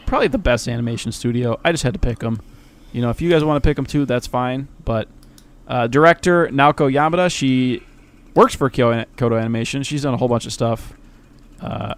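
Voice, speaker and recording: A man rambling in casual podcast chat as a host, hesitant and self-deprecating, often breaking into laughs. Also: medium pitch.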